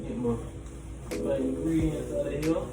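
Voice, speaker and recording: A man's voice: a little high, animated, normal speed, poor audio. A man with a slightly raised voice runs a casual cooking demo in a kitchen. He keeps it hyped and slangy, talking right to his viewers. Music plays steadily in the background. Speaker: cooking show host. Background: music playing.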